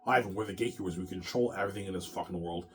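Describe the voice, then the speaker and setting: A man's voice: deep voice, rapid-fire, lightly acted. A man mimicking smug male gatekeepers who taunt and threaten him. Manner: taunting, condescending.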